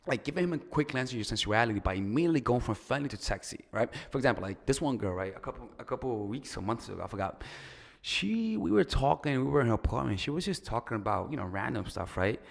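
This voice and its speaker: A man's voice: medium pitch, big pitch swings, fast, vocal fry, in a large hall. A man giving casual, crude, rambling dating advice as a coach, with loose fillers and restarts.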